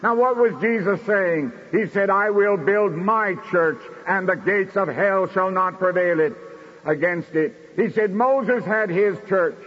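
A man preaching a sermon in a measured, declamatory way, slowing down for emphasis. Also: high voice, slightly rough. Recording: dull recording in a reverberant hall.

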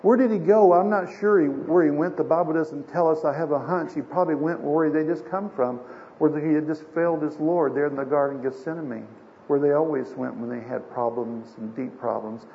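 A man's voice: on the high side, brisk, creaky. An older man preaching a sermon as a pastor, folksy and storytelling, with emphatic swells. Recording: dull lo-fi sermon recording with faint hiss.

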